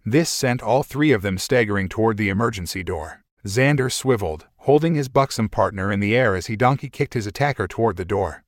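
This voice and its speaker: A man's voice: fairly low pitch, no echo, clean studio sound. A man narrating a first-person story in a wry, conversational manner.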